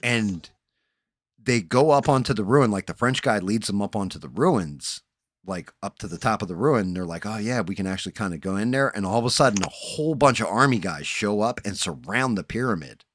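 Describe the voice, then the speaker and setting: Man, host, casual chat, profane storyteller, low voice, dry close sound. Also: lively intonation, normal speed, slightly rough, no room sound. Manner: loose, profane storytelling that acts out characters' lines. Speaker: podcast host. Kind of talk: casual chat, retelling horror movies.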